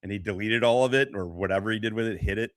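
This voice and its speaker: A man's voice: fairly low pitch, rapid-fire, dry recording, clean studio sound. A man doing rambling, profane reaction commentary as a streamer, laughing often and jumping between thoughts.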